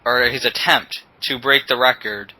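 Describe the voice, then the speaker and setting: A male moderator leads a casual podcast panel, moving it from topic to topic with plenty of fillers. His middle-pitched voice is bright and forceful. The sound is close and dry. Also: steady tone, a little slow, no echo, rough recording. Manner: steers topics, filler-heavy.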